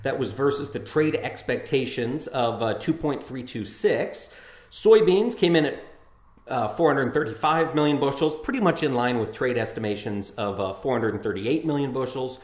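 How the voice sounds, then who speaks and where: A man's voice: mid-range voice, normal speed. Folksy male farm radio co-host, echoey room. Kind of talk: casual radio chat and market report.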